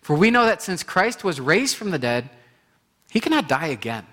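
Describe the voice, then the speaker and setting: A man preaching a sermon in an animated way, acting out inner voices and repeating phrases for emphasis. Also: a little high, normal speed. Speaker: pastor.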